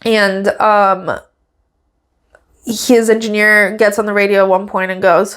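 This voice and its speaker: A woman's voice: mid-range voice, a little slow, smooth. A woman hosting a podcast, talking in a casual, chatty, gossipy way. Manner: chatty and gossipy, many fillers, laughs at her own stories. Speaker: podcast host. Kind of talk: casual chat recapping a race.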